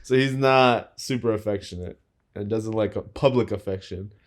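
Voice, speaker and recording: A man's voice: fairly low pitch, moderate pace. A young man co-hosting a casual podcast chat with his wife, telling stories with lots of laughter and quoted voices. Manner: animated storyteller, laughs often, quotes people with voices. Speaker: podcast co-host.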